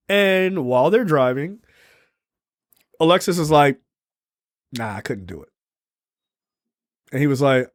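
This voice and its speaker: A young man talking loosely about a movie, his voice fairly high and swinging widely as he acts out scenes and laughs. The sound is close and dry, with no room around it. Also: clear, resonant tone, no room sound. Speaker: podcast co-host. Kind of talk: casual profane film review chat.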